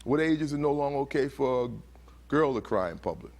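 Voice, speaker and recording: In a conference hall, a man gives a motivational talk, asking the audience questions and acting out heated quotes. His mid-range voice is expressive and darkish, and he speaks fairly quickly.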